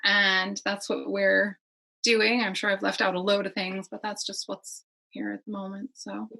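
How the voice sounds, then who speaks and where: Husky-voiced chatty woman. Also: medium pitch, little pitch movement, normal speed, bright, forceful tone, poor audio. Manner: chatty, rambling, laughs often. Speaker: podcast guest. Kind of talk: casual conversation.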